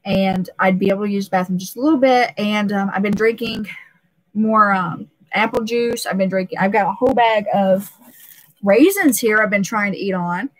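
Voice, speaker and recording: A woman's voice: medium pitch, normal speed. A woman hosting a casual live stream, rambling and emotional, laughing often and filling gaps with "uh" and "um".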